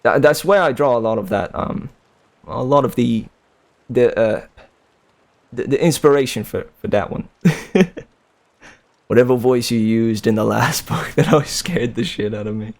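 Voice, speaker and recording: Young man, 20s, livestream book reader, slangy rambling chat, gravelly. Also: mid-range voice, normal speed, long pauses. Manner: rambling, laughs often, slangy. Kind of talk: casual chat with viewers.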